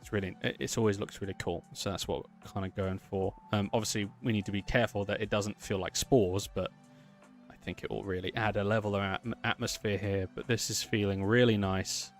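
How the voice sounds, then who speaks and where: A man's voice: on the low side, fairly even intonation, fairly quick, faint music behind. A man chatting casually and upbeat as he streams his animation work, thinking aloud as he goes. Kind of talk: casual livestream talk while working.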